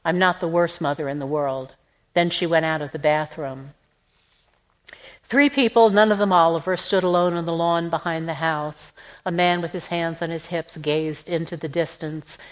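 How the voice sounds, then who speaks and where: A woman reading a literary novel aloud in an even, measured narration. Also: fairly low pitch, rough recording. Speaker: audiobook narrator. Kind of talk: scripted narration.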